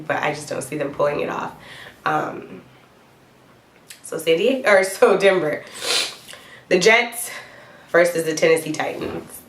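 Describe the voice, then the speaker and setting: A woman with a cold chats casually to the camera in a football picks vlog, coughing now and then, laughing lightly and dropping the odd "y'all." Her voice is fairly low and expressive, with a measured pace and frequent pauses. The room sounds echoey, with a little hiss or hum.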